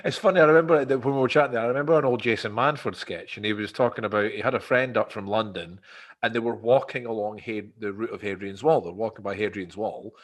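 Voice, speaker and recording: Jokey man, husky voice. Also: on the low side, fast talker. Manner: jokey, easygoing, laughs often. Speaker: host. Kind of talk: casual chat.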